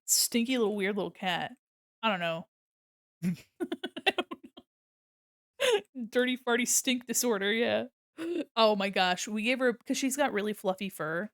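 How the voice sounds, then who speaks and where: A woman's voice: mid-range voice, unhurried, pauses often, a bit bright, no echo, studio quality. Giggly woman chatting on stream. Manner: giggly, chatty, breaks into laughter often; gushing and affectionate. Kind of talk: casual livestream chat while drawing.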